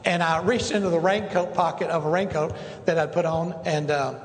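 Middle-aged male preacher, folksy and rambling, slightly high voice, sermon in a reverberant sanctuary. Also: fairly even intonation, brisk. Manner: folksy, rambling with many restarts and asides. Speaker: pastor. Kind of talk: sermon storytelling. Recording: echoey hall with long reverb, faint noise.

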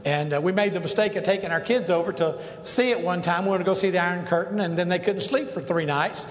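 A man's voice: high-pitched, quick pace. Folksy preacher man in an echoey hall. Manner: folksy, rambling with many restarts and asides. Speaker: pastor. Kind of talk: sermon storytelling. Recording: echoey hall with long reverb, faint noise.

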